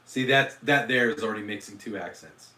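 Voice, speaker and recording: Rambling, lowish-voiced man in a roomy echo. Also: brisk, pushed and bright, distant mic. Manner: rambling, filler-heavy, self-deprecating. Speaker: livestream host. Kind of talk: casual livestream chat.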